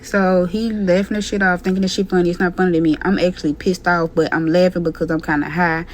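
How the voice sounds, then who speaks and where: Fast-talking blunt young woman. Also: fairly low pitch, little pitch movement, slight background noise. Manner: blunt, profane, candid. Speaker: storytime vlogger. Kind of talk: casual storytelling.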